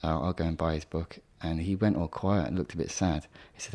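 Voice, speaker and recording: A young adult man, a poet, answering interview questions in a soft-spoken, hesitant way with frequent restarts. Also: a bass voice, fairly even intonation, brisk. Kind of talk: reflective conversational interview.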